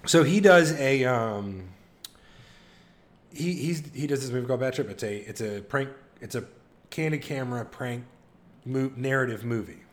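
Brief: male co-host, mid-pitched, animated storyteller, casual chat. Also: moderate pace. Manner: excited storytelling with laughs and impressions. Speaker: podcast co-host.

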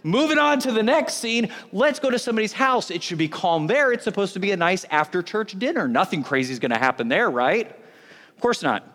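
A man preaching a sermon, animated, acting out the voices of onlookers in the story. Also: sits high, brisk. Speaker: pastor. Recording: long hall reverb.

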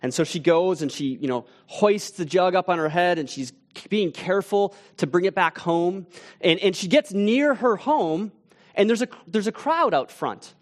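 A man with a fairly high voice preaches by telling a story, casual and conversational with small restarts. At tense moments he drops almost to a hush. It sounds like a church teaching-team pastor opening a sermon. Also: expressive, normal speed.

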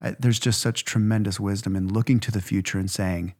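A man's voice: fairly low pitch, steady tone, fairly quick, hardly any pauses, darkish tone. A man, co-hosting a reflective faith conversation and telling stories with rhythmic lists. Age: 40s. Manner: earnest, storytelling, lists phrases in rhythm. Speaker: podcast co-host.

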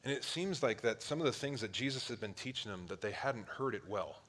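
A man in his thirties from Ohio preaching a sermon, animated, swinging between loud outbursts and hushed asides. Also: medium pitch, fairly quick. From Ohio, near Cleveland. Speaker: pastor.

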